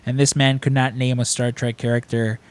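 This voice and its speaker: Guy rambling through con stories on a podcast, mid pitch, does goofy high voices for other people. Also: fairly quick, clear, resonant tone. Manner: rambling, animated, acts out quotes in raised voices. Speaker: podcast host. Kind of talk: casual storytelling chat.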